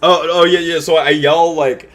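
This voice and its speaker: A man's voice: a little high, fairly even intonation, moderate pace, a bit bright. Rambling man telling a story. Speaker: livestreamer. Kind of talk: casual storytelling while chatting with viewers.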